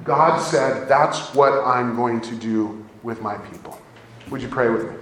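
A man's voice: medium pitch, a little slow, fairly bright tone, a little hiss or hum. A man preaching a sermon as pastor, earnest and conversational, turning to the congregation with asides and then leading a prayer. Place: church sanctuary. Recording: very echoey room.

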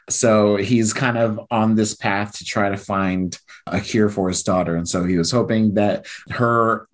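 A man in casual conversation, recapping a comic book plot with frequent laughs and quoted bits of dialogue. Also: lowish voice. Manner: chatty, laughs often, retells with quoted dialogue.

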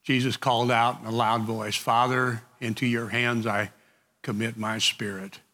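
A man leads a group Bible study in a large hall, reading passages aloud and discussing them in a halting, conversational manner with frequent restarts. His medium-pitched voice keeps a level tone but sounds pushed and bright.

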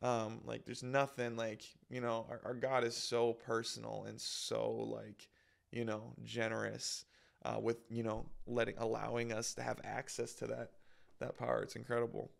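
A man's voice: medium pitch, monotone, normal speed, creaky. A young man telling a personal story in a rambling, self-conscious way, full of fillers and little acted quotes. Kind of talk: casual storytelling.

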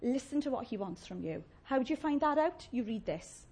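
A woman preaching a sermon, chatty and warm-humoured, often asking the congregation questions and laughing. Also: a little high, big pitch swings, fairly quick, breathy edge.

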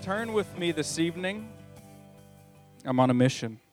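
A man's voice: a little high, animated, normal speed, faint music behind. A man preaching a sermon as pastor, reading scripture with a conversational manner and joking asides. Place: church.

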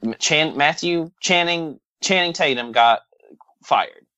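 A man co-hosting a joking movie podcast, rambling through absurd riffs in a deadpan way. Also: fairly high pitch, takes it slowly, clean tone, dry recording, highs cut off. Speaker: podcast co-host.

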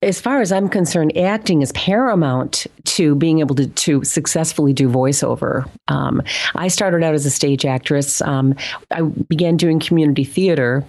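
A woman's voice: sits low, moderate pace, a little mellow. A woman from the Chicago area, a voice actress, telling stories as a guest in a loose, rambling way. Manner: rambling, many fillers and restarts, laughs easily. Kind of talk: casual interview chat.

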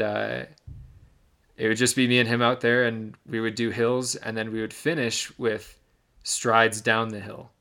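A man's voice: fairly low pitch, creaky, a bit bright. A young man from Michigan, a podcast co-host, giving a detailed, reflective recap of a race in casual storytelling.

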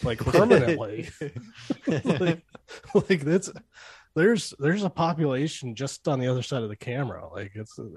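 A man as a podcast guest, talking in a rambling, halting way in casual chat. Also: medium pitch, expressive, darkish tone, husky, dry recording, studio quality. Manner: rambling, halting, laughs between thoughts.

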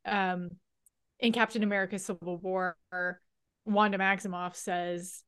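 A woman's voice: medium pitch, fairly even intonation, measured pace, fairly bright tone, smooth. A woman co-hosting a podcast in casual chat, earnest and thoughtful, with some restarts. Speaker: podcast co-host.

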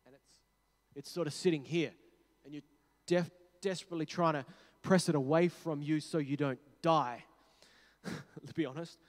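A man preaching a sermon, talking conversationally, correcting himself and dropping to quiet low tones for emphasis. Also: steady tone, normal speed, long pauses. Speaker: pastor. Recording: long hall reverb.

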